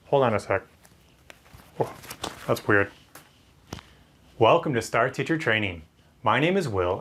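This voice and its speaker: A man with an ordinary middle-pitched voice talks through teaching tips in an instructional video. He explains clearly and in a friendly way, like a trainer addressing fellow teachers.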